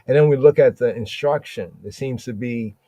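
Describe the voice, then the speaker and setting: Man, mid-pitched, mellow dark tone, dry close sound; leads a live scripture study and keeps asking "right?". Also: moderate pace, dry recording. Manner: thinking aloud, repeating words, frequent "right?" checks. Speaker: Bible teacher.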